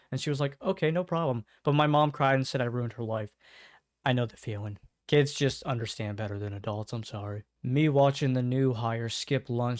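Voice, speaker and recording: A man's voice: mid-range voice, darkish tone, dry recording, studio quality. A man casually reacting to memes at his home microphone, swearing freely and chuckling often. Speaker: meme reaction host. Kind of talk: casual meme reaction commentary. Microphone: own desk microphone.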